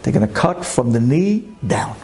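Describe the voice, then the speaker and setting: A rabbi giving an impassioned storytelling sermon, fervent and pleading, repeating phrases and swinging from low calm to high emotional cries. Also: male voice, moderate pace, vocal fry, slight background noise. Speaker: rabbi telling an inspirational story.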